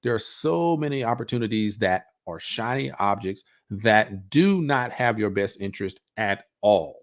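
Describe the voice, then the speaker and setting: A man's voice: fairly low pitch, expressive, a little slow. A man coaching on a livestream, talking casually to his audience, repeating words and firing off rhetorical questions. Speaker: coach hosting a livestream on passive income.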